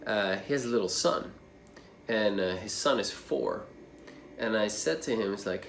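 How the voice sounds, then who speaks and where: A man's voice: lowish voice, moderate pace, vocal fry, fairly bright tone, a little hiss or hum. A man coaching people with social anxiety, talking casually to the camera in a rambling, conversational way, with plenty of fillers and side remarks.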